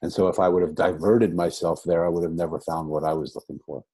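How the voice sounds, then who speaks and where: A man's voice: low voice, level tone, quick pace, warm tone, slightly rough, no room sound. An older man, a rabbi, telling his life story in an interview, reflective and rambling with many restarts. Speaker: guest, rabbi.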